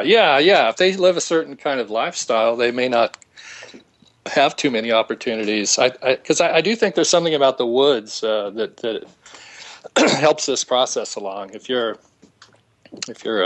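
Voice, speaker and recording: Hesitant, joking man guest. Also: mid-range voice. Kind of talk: casual radio interview.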